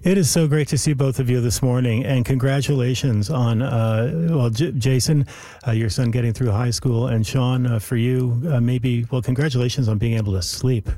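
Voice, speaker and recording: A man's voice: mid-range voice, steady tone, normal speed, warm tone. A man hosting a live morning radio show in a friendly, easygoing way.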